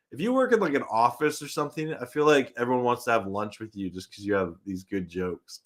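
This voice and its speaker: A man's voice: medium pitch, fairly bright tone. A young man hosting a live fan stream in casual chat, reading viewer comments aloud, chuckling often and restarting his sentences.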